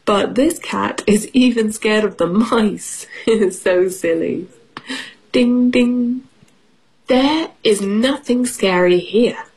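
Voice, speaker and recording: A woman's voice: mid-range voice, slow pace, darkish tone, slightly rough. A woman teaching English on the radio, reading a children's storybook playfully, with sound effects and questions for the children.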